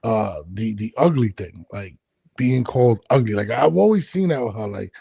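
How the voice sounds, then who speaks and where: Mellow-voiced man hosting a podcast. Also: medium pitch, animated, creaky, husky, no echo, clean studio sound. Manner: loose, halting talk with many restarts. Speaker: podcast host. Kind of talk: casual video-call interview.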